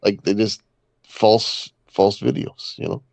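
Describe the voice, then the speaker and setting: A man from Canada co-hosting a podcast, talking haltingly in casual chat with many fillers and chuckles. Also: lowish voice, little pitch movement, gravelly, a little mellow, dry recording. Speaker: podcast co-host. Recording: dull lo-fi sound.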